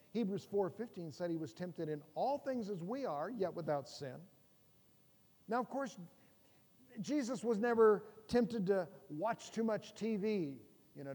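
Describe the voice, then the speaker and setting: A man's voice: high voice, warm tone. A middle-aged man preaching a sermon, conversational and humorous, with rhetorical questions to the congregation. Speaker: pastor. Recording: long hall reverb.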